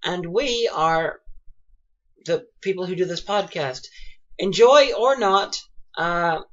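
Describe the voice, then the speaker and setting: A woman's voice: on the low side, animated, slow. Dry-witted woman podcast co-host. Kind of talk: casual podcast chat. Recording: muffled lo-fi podcast audio.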